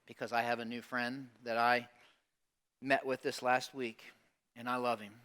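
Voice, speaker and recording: Male pastor, bright and forceful tone, animated sermon delivery in church. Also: medium pitch, moderate pace, smooth. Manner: animated preaching, acting out quoted voices, asking the congregation questions.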